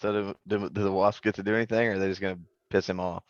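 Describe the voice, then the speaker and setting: Man, tabletop player, low smooth voice, dry dull recording. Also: level tone, rapid-fire, no room sound. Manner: joking, teasing, asks rules questions. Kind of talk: casual tabletop play.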